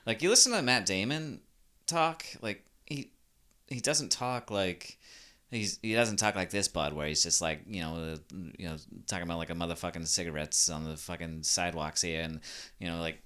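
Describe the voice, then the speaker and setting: A man's voice: low voice, moderate pace, bright, forceful tone. A man co-hosting a podcast in casual chat, using "like" a lot and swearing freely. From Boston area. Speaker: podcast co-host.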